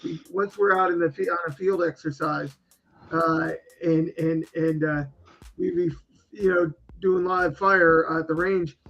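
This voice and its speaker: A man with a high, husky voice tells army stories in casual podcast chat. He stops and restarts often and stumbles over fillers. The sound is a little muffled and lo-fi. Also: fairly even intonation, fairly bright tone. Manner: halting, many restarts and fillers.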